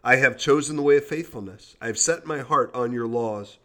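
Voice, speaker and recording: Guy with a bright clear voice doing a bible reading podcast, steady reading, short comments. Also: mid-range voice, brisk. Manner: reads scripture aloud with brief comments and prayer. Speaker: podcast host.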